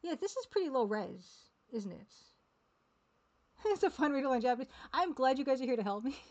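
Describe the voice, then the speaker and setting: A woman streaming a game live, talking casually and haltingly as she sounds out words one by one. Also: high-pitched, lively intonation, a little mellow.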